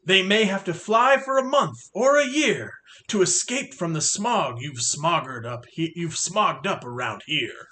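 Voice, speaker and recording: A man's voice: high-pitched, lively intonation, unhurried, hardly any pauses, sharp tone, full character voice. A man voicing a fussy, scolding little male forest creature in a storybook reading, complaining and coughing.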